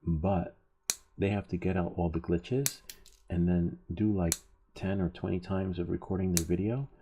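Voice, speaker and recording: Low gravelly-voiced man, rambling chat. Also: steady tone, normal speed, lo-fi sound, background noise. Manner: loose, chatty, swears casually, laughs at himself. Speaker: DIY tech channel host.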